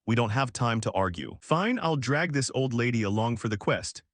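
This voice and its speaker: A brash young gamer who hurls insults and boasts about himself, as a man reads him. The delivery is lively and full of swings. It sounds close and dry, with no room around it. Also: mid-range voice, moderate pace, no room sound, natural voice. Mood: scornful. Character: rude cocky young male gamer.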